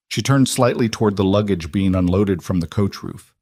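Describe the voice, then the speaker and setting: Low-voiced male storyteller, dry sound. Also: normal speed, dark tone, dry recording. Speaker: narrator. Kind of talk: scripted story narration.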